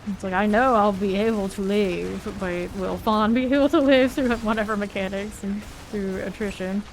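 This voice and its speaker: A woman's voice: mid-range voice, fairly even intonation, moderate pace, a little hiss or hum. A woman streaming a game live, thinking aloud and calling out enemies as they appear. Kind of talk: live gameplay commentary.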